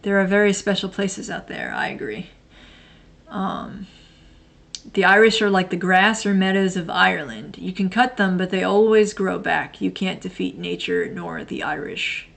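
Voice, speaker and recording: A woman's voice: medium pitch, normal speed, vocal fry, fairly bright tone. A woman in her thirties hosting a livestream, chatting casually and answering viewer comments in a rambling, blunt way with frequent laughter. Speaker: livestream host.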